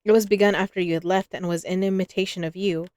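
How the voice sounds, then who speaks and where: A woman's voice: medium pitch, steady tone, fast, darkish tone, no room sound, clean studio sound, close to an everyday voice. A woman voicing a courtly, earnest older male doctor in a novel read aloud, speaking in formal, old-fashioned phrases.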